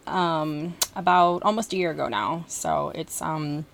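Giggly woman in her thirties, low gravelly voice. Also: measured pace. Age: 30s. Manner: giggly, rambling. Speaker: podcast guest. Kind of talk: casual chat.

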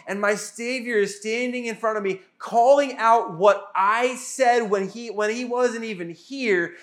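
High-voiced man preaching casually. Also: a little slow, few pauses. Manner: casual, animated retelling with acted-out quotes. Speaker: pastor. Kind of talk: sermon.

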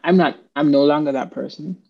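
A podcast host speaking slowly and reflectively in casual conversation, sometimes losing the thread. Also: mid-range voice, gravelly, breathy edge. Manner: slow, reflective, loses the thread at times. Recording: dull lo-fi sound.

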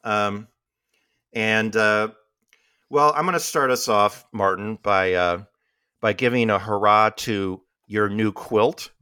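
A man's voice: lowish voice, slow pace, pushed and bright, clear, resonant tone, dry recording, clean studio sound. A man co-hosting a podcast, chatting casually and rambling with many restarts and fillers. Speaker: podcast co-host. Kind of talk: casual chat.

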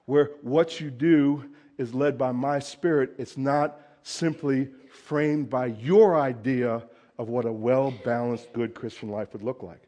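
A man voicing Jesus as a calm, patient figure, speaking softly and slowly in a low, measured way. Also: natural voice. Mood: gentle.

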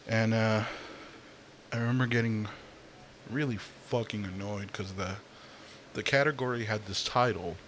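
A man's voice: lowish voice, unhurried, fairly bright tone, a little hiss or hum. A young man ranting casually in a profane, rambling monologue, with fillers and sighs. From Latino, Spanish speaker.

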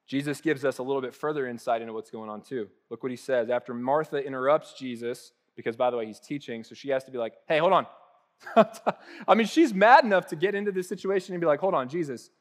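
A man in his thirties preaching in an easygoing, conversational way at a medium pitch. He jumps into quick acted-out voices and then drops to a soft, gentle hush. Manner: casual and animated, acting out little voices, with laughs and soft hushed asides. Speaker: pastor. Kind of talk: conversational sermon.

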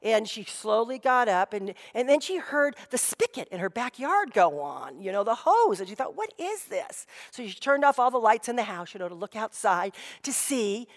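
A woman's voice: fairly high pitch, sing-song, normal speed, few pauses. A woman pastor giving a sermon in a conversational storytelling way, often saying "you know". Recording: long reverb of a hall.

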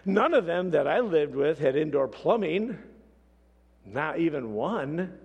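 Brief: male pastor mid-sermon, husky and unhurried, storytelling with big dynamic swings, in a large echoing hall. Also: fairly high pitch, muffled recording. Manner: storytelling, animated swings between hushed and shouted. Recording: long hall reverb.

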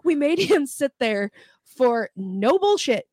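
A fairly high-voiced woman host who is blunt and teasing and swears without a second thought. She talks in a loose, casual way. The sound is dry and close. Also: very animated, slow, a little mellow, no echo. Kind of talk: casual podcast chat.

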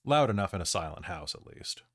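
A man's voice: low voice, sing-song, brisk, a bit bright. A man narrating a tabletop role-playing game as game master, hesitant with many fillers.

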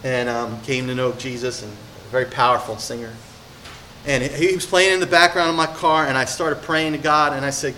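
A male pastor preaching a sermon in a conversational way, swinging from hushed personal storytelling to emphatic, rising exhortation. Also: mid-range voice, steady tone, a little fast, a little hiss or hum.

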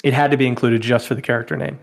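A man's voice: medium pitch, rapid-fire, vocal fry. A man hosting a podcast, chatting casually about movies and laughing often. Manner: animated, laughs often, slips into playful impressions. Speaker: podcast host. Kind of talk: casual film-discussion chat.

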